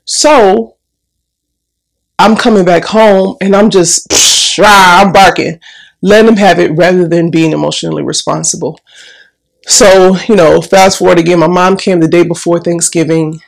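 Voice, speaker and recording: A woman telling a personal story in a chatty, animated way, acting out what people said. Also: on the low side, normal speed, vocal fry. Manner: chatty, animated, restarts and acts out quotes. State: recovering breath after illness. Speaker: vlogger.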